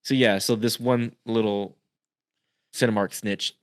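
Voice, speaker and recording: Low-voiced young man, dry close mic. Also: no room sound. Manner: relaxed, chatty, quick to laugh. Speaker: podcast host. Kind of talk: casual podcast chat.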